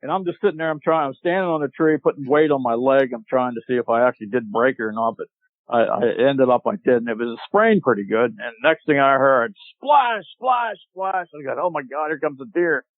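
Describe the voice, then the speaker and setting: A man guest on a podcast, telling a long hunting story in a casual, animated way and acting out what people said. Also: mid-range voice, fast, no echo. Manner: animated storyteller, acts out shouted quotes. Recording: tinny phone-like line, dry.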